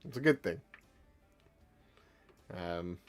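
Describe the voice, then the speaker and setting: A man with an English Midlands accent hosts a casual live stream, talking in a chatty, rambling way. His voice sits fairly low, and he warmly thanks his viewers. Soft music plays faintly behind him. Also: animated, very slow.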